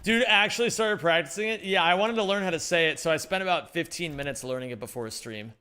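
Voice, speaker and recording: A man's voice: fairly high pitch, fast, clean tone. A young man livestreaming, chatting casually with his viewers in a rambling, jokey way. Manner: animated, rambling, jokey banter. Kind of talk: casual chat with viewers during a gaming stream.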